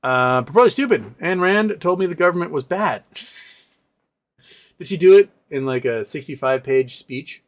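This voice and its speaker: A man's voice: on the high side, animated, moderate pace. Sarcastic rambling man. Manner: sarcastic, rambling with many fillers and restarts. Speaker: livestream host. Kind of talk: casual live chat reading viewer comments.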